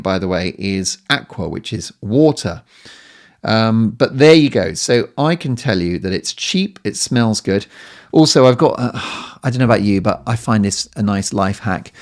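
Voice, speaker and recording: A man hosting a podcast in a casual, playful monologue, jumping now and then to squeaky high exclamations. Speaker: podcast host.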